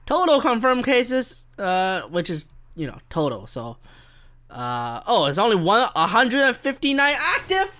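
A slightly slow, bright, forceful mid-range voice with wildly swooping pitch drives this solo podcast rant. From his Vancouver home, the host rambles, curses and mocks himself, holding the handheld mic a bit too far from his face.

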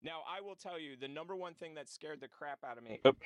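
A man's voice: a little high, animated, quick pace. A man co-hosting a live-streamed podcast, telling rambling, jokey stories full of fillers in casual chat. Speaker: podcast co-host.

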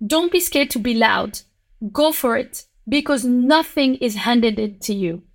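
French accent woman on a podcast, fired up and blunt, kinda high voice. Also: lively intonation, measured pace. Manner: outspoken and emphatic, with sharp pitch jumps. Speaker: lawyer, podcast guest. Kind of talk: passionate podcast conversation.

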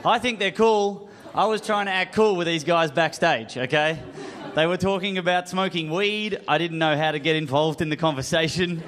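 High-voiced Australian man doing stand-up. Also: normal speed. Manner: self-mocking, animated storytelling. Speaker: stand-up comedian. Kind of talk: stand-up routine. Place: comedy club stage. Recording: live club with crowd laughter.

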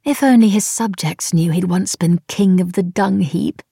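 A woman's voice: lowish voice, normal speed, gravelly, warm tone, breathy edge, no echo, studio quality. A woman reading a musing young noblewoman. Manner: musing, fond tone. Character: young noblewoman traveller, curious and warm. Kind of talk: audiobook character reading.

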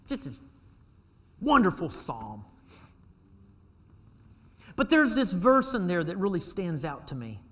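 A man preaching a sermon as pastor of his church, moving from quiet asides to shouted pleas. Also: sits high, wildly swooping pitch, takes it slowly, long pauses. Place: church sanctuary.

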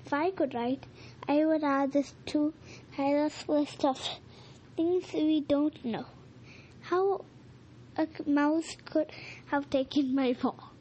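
A woman reading a children's storybook aloud, halting now and then with slips and rereads. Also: high voice, steady tone, dark tone, dull audio, slight background noise. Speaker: reader.

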